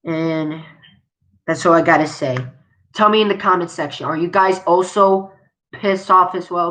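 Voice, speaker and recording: A woman's voice: on the low side, fairly even intonation, normal speed, fairly bright tone, rough recording. A woman vlogger delivering an angry, profane video rant, repeating her points with indignation.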